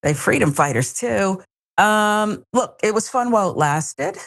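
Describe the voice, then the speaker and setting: A woman's voice: mid-range voice, animated, unhurried. A woman hosting a talk show, giving wry, emphatic commentary on a news story. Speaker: show host.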